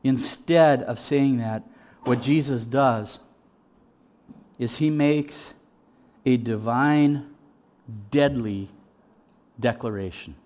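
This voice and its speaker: Preaching in a mid-range voice, a middle-aged male pastor shifts between hushed, slow emphasis and loud, lively storytelling in his sermon.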